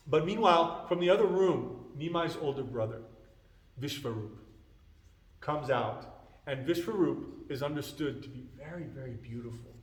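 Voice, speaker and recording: Brief: a male class speaker telling a sacred story, animated, mid-pitched, long hall reverb. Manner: animated storyteller who acts out the characters. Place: temple hall. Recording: echoey hall.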